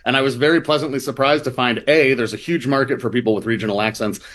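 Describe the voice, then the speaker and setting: A man's voice: mid-range voice, steady tone, quick pace, fairly bright tone. A man, a reporter, explaining his story in a rambling, casual interview manner with many restarts. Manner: rambling, restarts, acts out quoted voices.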